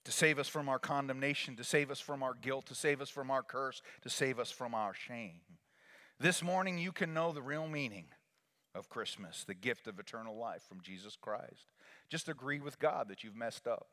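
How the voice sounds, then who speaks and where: A man preaching a sermon as pastor, swinging from hushed lines to loud calls for the congregation to repeat after him. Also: mid-range voice, normal speed. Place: church sanctuary. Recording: long reverb of a large hall.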